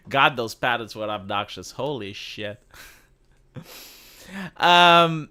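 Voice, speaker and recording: A young man hosting a livestream, ranting casually with lots of swearing and big swings in pitch. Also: animated, drawn-out words, sharp tone. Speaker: livestream host.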